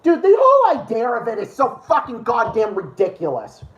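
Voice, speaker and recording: A man's voice: very high-pitched, wildly swooping pitch, fairly quick, reverberant, lo-fi sound. A man hosting a livestream and ranting over clips in a profane, sarcastic, exasperated way. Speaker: livestream host.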